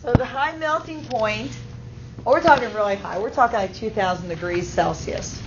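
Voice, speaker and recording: During a classroom lecture, a woman teaching high school chemistry walks through the material step by step, often checking that students are following. She speaks at a moderate pace with a fairly high pitch. An auto-tracking camera mic picks her up in a slightly muffled recording with a noisy background.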